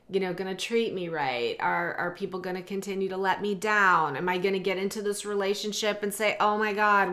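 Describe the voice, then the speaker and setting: A woman's voice: mid-range voice, sharp tone. A middle-aged woman giving a casual oracle card reading, chatty and heartfelt, reading aloud from a guidebook and adding her own asides. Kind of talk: casual tarot-style reading to camera.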